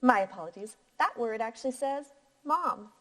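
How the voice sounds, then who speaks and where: A woman teacher reading a picture book aloud to young children in a clear, encouraging voice. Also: a little high, animated, a bit bright. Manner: slow, clear, encouraging teacher voice with sing-song inflection.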